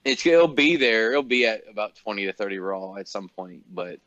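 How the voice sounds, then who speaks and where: A man's voice: on the low side, animated, moderate pace, a bit bright, no room sound. A man co-hosting a podcast, chatting casually and offering opinions and prices. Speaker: podcast co-host. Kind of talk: casual chat about collectible cards. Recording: slightly dull, lo-fi sound.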